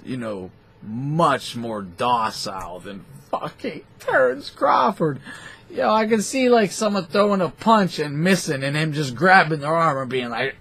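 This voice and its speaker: Husky, foul-mouthed man ranting. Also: a little high. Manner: foul-mouthed, animated, scornful. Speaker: boxing talk show host. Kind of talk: profane rambling rant.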